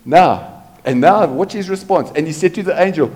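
Man, pastor preaching a sermon, lively with rhetorical questions, slightly high voice. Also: moderate pace.

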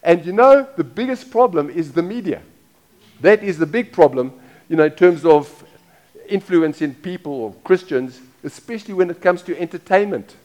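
A man's voice: high-pitched, animated, moderate pace, darkish tone. A middle-aged man preaching a sermon as pastor, talking casually, repeating phrases and asking the congregation questions.

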